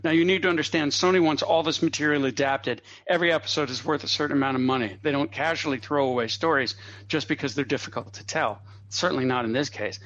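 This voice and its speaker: Lively storytelling man, muffled dry sound. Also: on the high side, quick pace, slight background noise. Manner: lively raconteur with asides and chuckles. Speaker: guest comedy writer. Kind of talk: anecdotal storytelling in a podcast interview. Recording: dull, slightly lo-fi dry audio.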